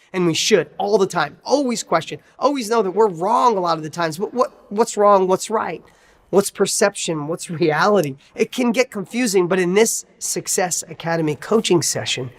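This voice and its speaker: A man's voice: high voice, a bit bright. Emphatic male success coach. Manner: emphatic, fires rhetorical questions. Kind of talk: motivational coaching talk.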